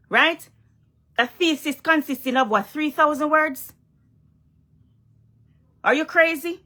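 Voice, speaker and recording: A young Jamaican woman vlogging in a loose, emphatic way, circling back to her points and pressing the listener with questions. Her voice sits somewhat high for a woman. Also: moderate pace, long pauses, sharp tone. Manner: emphatic, repeats herself, asks "you understand?". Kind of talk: casual direct-to-camera vlog rant.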